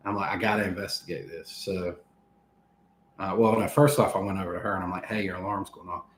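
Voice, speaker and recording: A man's voice: low-pitched, quick pace, slight background noise. Man telling a story in a roomy echo. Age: 30s. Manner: animated, laughing between lines, acts out quoted speech. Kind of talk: casual storytelling.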